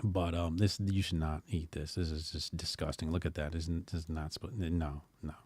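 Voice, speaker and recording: A man's voice: very deep voice, level tone, moderate pace, a little mellow. A man hosting a casual opinion show, talking bluntly with rambling, joking asides. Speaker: commentary show host.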